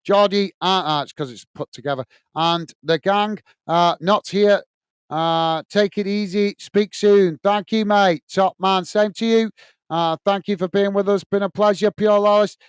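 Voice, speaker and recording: High, smooth-voiced English man host. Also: a little slow, dry recording, studio quality. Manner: friendly, repetitive sign-offs with many fillers. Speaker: host of a football watch-along stream. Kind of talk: casual live-stream chat reading out viewer comments.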